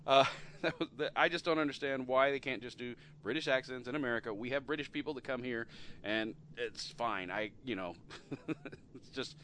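A middle-aged man hosting a relaxed podcast conversation. His voice sits at an ordinary middle pitch, and he rambles in a friendly way, laughing often and letting his sentences fade out at the end. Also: moderate pace, a little hiss or hum. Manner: chatty, laughs often, trails off at the ends of sentences. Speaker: podcast host. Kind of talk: casual chat.

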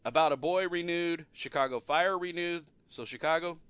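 A man's voice: on the high side, moderate pace, fairly bright tone, clean tone, no room sound. A middle-aged man hosting a casual podcast chat, talking loosely with frequent laughs and trailing off at the ends of sentences. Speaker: podcast host.

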